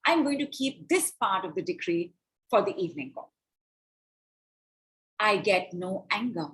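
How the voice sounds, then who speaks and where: A woman, leading a spiritual money coaching call, chanting affirmations and breath cues in slow repetitions. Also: mid-range voice, animated. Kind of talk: guided affirmation session on a call.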